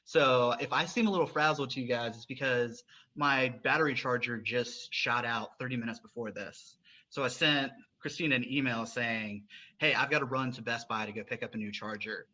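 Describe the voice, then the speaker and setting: A man's voice: mid-range voice, normal speed, muffled recording. A man from North Carolina with a Southern American accent, hosting a podcast interview in an upbeat, chatty way. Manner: upbeat, chatty, repeats words when excited. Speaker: podcast host.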